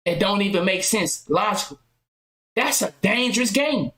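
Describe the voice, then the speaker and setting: A woman hosting a podcast, talking loudly and passionately, firing off rhetorical questions in casual commentary. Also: mid-range voice, animated, moderate pace, echoey room, poor audio. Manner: loud, impassioned, rhetorical questions. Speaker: podcast host.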